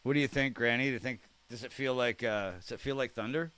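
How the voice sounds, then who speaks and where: A man's voice: medium pitch, fast, bright, forceful tone, clear, resonant tone, no echo. A man hosting a casual live stream, chatting and reacting aloud to messages from his viewers, sometimes repeating unfamiliar words as he tries them out. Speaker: streamer reading live chat.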